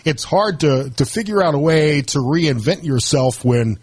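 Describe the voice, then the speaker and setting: A middle-aged man guest-hosting a radio talk show, speaking reflectively and haltingly with many restarts. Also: on the high side, animated, a little mellow, no echo. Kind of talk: radio interview.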